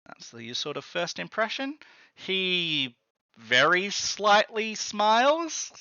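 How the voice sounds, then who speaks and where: A man's voice: sits high, sing-song, slow, sharp tone, no room sound, dull audio. A man narrating a tabletop game as game master, hesitant and full of ums and restarts.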